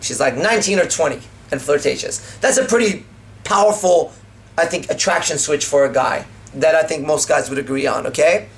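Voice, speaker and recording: A man with a fairly high, gravelly voice coaches on dating in a loose seminar style. He swears freely and slips into acted-out pickup lines as he explains them. His delivery is animated. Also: normal speed.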